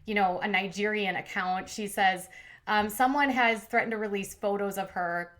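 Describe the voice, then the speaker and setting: A woman's voice: medium pitch, steady tone, moderate pace, a bit bright. A woman hosting a commentary channel, recapping reality TV in a chatty, opinionated way and acting out quotes in voices.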